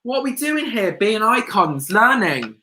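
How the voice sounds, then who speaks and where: A woman's voice: medium pitch, measured pace. Bubbly young woman hosting a makeup tutorial. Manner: bubbly, excitable, chanting catchphrases. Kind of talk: live makeup tutorial chat. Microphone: webcam on a livestream.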